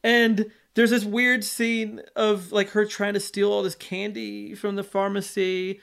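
A high-pitched man talks through a film plot in a relaxed, conversational way. He rambles, doubles back and fills gaps with fillers as he goes. The delivery is casual podcast chat. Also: a little slow, creaky, clear, resonant tone. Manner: rambling, with many fillers and restarts. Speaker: podcast host.

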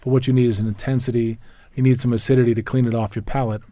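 A man's voice: mid-range voice, flat delivery, rapid-fire, dark tone, dry recording. A man talking food and wine pairings in a casual chat, enthusiastic and rambling, often restarting his sentences and spelling out wine names. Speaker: wine expert guest.

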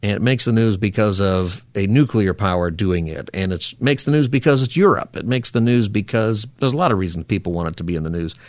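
Male radio talk host, lowish voice, dry close sound, rambling and thoughtful. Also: lively intonation, a little fast, few pauses, dry recording. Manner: rambling, musing aloud with frequent fillers. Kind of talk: casual call-in radio talk.

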